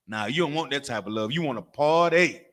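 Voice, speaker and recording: Brisk and medium-pitched, a religious camp preacher delivers a fiery street-style sermon full of swearing, rhetorical questions and call-and-response. He's animated, imitating crying and barking to get laughs.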